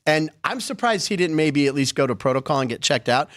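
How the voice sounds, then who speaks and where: Sports podcast guy, chatty and sarcastic, voice bounces around a lot, kinda high. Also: animated, a little fast. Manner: chatty, wry, sarcastic asides. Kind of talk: casual sports talk.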